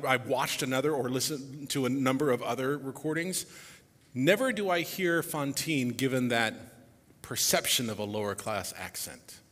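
A man giving a reflective public talk before a musical performance, animated, his voice dropping softly at the ends of phrases. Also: mid-range voice, big-room sound. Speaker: speaker introducing a musical performance.

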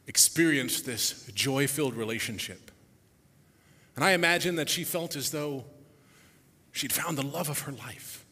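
Man, reflective public talk, lively up-and-down delivery, bright voice, long hall reverb. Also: fairly high pitch, breathy edge. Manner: animated, voice dropping softly at phrase ends. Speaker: speaker introducing a musical performance.

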